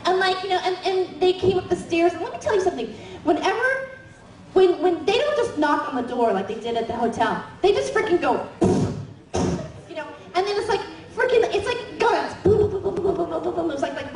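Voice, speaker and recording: A woman comedian telling a comic story in an animated, giggly way, full of fillers and sound effects. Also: extremely high pitch, fairly quick. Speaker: comedian guest. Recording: roomy far-off mic with crowd.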